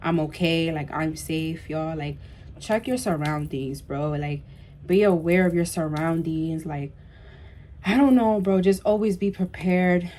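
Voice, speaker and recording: A young woman vlogger telling a storytime tale in an animated way, full of "like" and "bro" and emphatic repeats. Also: low-pitched, a little slow. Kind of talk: storytime vlog.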